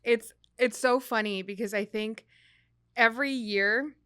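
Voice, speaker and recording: Woman host, mid-pitched smooth voice, dry close sound, attentive conversational listener. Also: measured pace, a bit bright, dry recording. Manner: attentive listener, backchannels and laughs often. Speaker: podcast host. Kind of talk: casual conversation.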